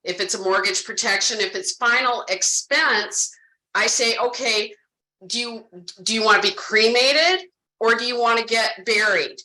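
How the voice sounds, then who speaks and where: A woman with a bright, forceful, fairly high voice runs a sales training talk. She speaks directly and animatedly to her listeners and plays out her client conversations line by line. The room around her rings with a noticeable echo. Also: a little slow. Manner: animated, direct, addresses audience as "guys".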